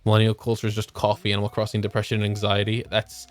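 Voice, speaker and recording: A man's voice: lowish voice, monotone, quick pace. A young man streaming a game, chatting casually and joking with swearing, tired after a long work shift. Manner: laid-back, swearing, joking. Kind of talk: casual chat while gaming.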